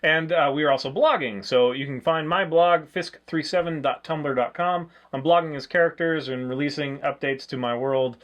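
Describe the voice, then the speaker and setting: A man's voice: a little high, normal speed, hardly any pauses, a bit bright, lo-fi sound. A man hosting a board game review show in easygoing, casual chat with plenty of fillers. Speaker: host.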